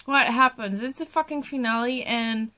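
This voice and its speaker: A young woman on a reaction vlog, choked up and tearful, talking in halting, broken sentences that trail off, with plenty of swearing. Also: a little high, sharp tone. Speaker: vlogger.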